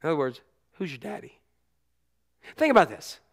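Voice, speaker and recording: A middle-aged pastor with a slightly high voice preaches a sermon at normal speed. He tells stories with animated energy, shouting out the cries he quotes.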